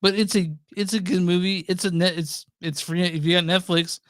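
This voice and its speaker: A man from Texas and Louisiana co-hosting a movie podcast, halting and repeating words as he talks. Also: high-pitched, steady tone, fairly bright tone, no room sound. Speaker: movie review podcast co-host. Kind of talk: casual chat.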